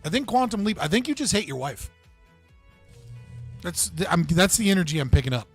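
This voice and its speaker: A male live-stream host talking to his chat in a blunt, profane, laughing way. His voice sits a little on the high side. Faint music runs under him as he reacts from his desk. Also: big pitch swings, brisk, breathy edge.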